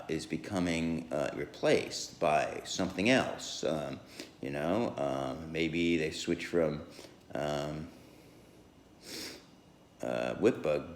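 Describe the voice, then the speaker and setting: A man's voice: rumbling low, a little mellow, echoey room, slight background noise. A man rambling through a solo podcast monologue, full of fillers and restarts, with chuckles along the way.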